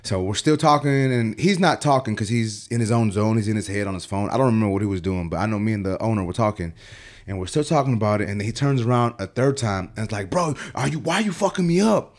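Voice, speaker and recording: A man's voice: on the low side, quick pace. A man who works as a barber, a guest on a podcast, telling stories in a loose, profane way with lots of "like". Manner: loose and profane, full of "like" fillers. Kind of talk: casual storytelling chat. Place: podcast studio.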